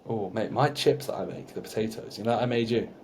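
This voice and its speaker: A young man, co-hosting a podcast in casual, animated chat with some swearing. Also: on the low side, a little fast, a little hiss or hum. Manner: chatty, swearing, animated storytelling. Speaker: podcast co-host.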